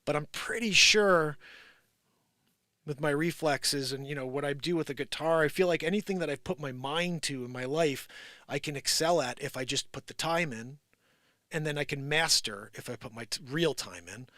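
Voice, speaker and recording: A middle-aged man with a New Jersey accent telling personal stories on a live stream, swinging between loud, animated bursts and hushed reflection. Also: a little high, moderate pace, dry recording, clean studio sound. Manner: animated storytelling, acts out quoted voices, swings from loud to hushed. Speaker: live show host. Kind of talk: casual livestream monologue.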